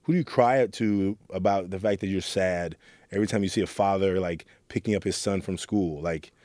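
A man's voice: deep voice, brisk, a little mellow, no room sound. A middle-aged man from Oakland, a youth mentor, earnestly telling his story in an interview and acting out quoted lines. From Oakland, California. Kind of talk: reflective interview talk.

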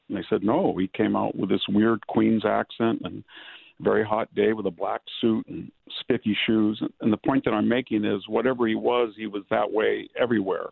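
An older man, a historian and author, giving measured, analytical answers in a political interview from rural California. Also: fairly low pitch, fairly even intonation, creaky, breathy edge, dry recording. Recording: dry phone-line audio.

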